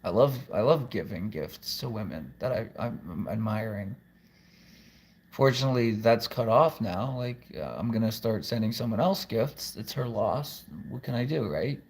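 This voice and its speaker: A man's voice: lowish voice, expressive, normal speed, a little mellow, husky. A man talking to camera at home in a rambling, profane monologue with many restarts. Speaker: vlogger.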